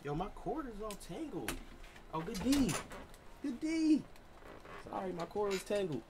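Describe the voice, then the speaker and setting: A man's voice: high voice, very animated, measured pace, noisy background. A young man streaming a basketball video game live, talking loosely in slang to his teammates and his chat. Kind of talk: casual live game commentary.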